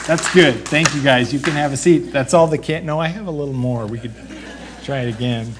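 A man preaching a sermon, talking to the congregation in an unhurried, conversational way and joking now and then. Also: medium pitch, background noise. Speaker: pastor. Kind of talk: sermon with a live demonstration.

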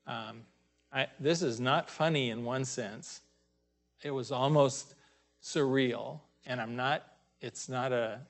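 A man preaching a sermon, pausing often and raising his voice to stress scripture readings. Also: mid-range voice.

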